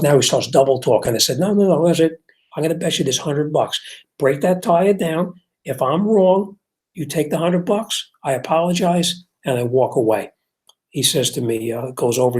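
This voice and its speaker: An older man who runs a repair shop, hosting a casual talk show and telling a long story in a rambling way, acting out both sides of an argument. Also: medium pitch. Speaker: car repair shop owner and show host.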